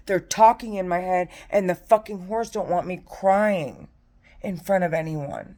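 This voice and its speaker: A woman's voice: lowish voice, a little slow, dark tone. A distressed woman giving an angry, profane, repetitive monologue to camera, recorded at home in her condo. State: distressed and agitated. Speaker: vlogger.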